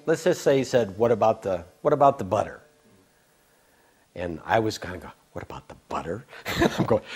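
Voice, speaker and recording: Older man, average pitch, loose anecdotal storytelling, rambling with stammers. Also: a little mellow. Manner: rambling, self-interrupting, with laughs and stammers. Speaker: devotee recalling memories. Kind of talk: casual storytelling.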